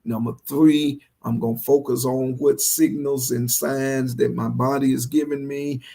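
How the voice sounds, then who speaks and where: A man's voice: medium pitch, level tone, unhurried, creaky, mellow. A male pastor with a Southern US accent, preaching a livestreamed sermon in a repetitive style that builds to fervent energy.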